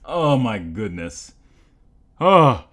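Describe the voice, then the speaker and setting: A young man livestreaming in casual chat, excitable and exclamatory, often stammering and repeating himself. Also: medium pitch, very slow. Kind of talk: live stream reaction chat.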